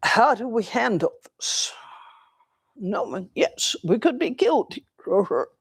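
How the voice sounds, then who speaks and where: An older woman giving a dharma talk in a temple, telling a personal story in a slow, reflective way with pauses. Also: on the high side, sing-song, breathy edge, dry recording. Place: temple hall.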